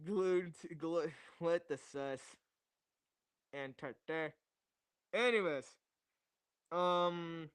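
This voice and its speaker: A young man runs a casual livestream, rambling and joking with his chat and looping the same catchphrases over and over. His voice sits a bit high for a man. The sound is close and dry on a fresh streaming mic. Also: very slow, long pauses, clean tone, no room sound. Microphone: new streaming mic.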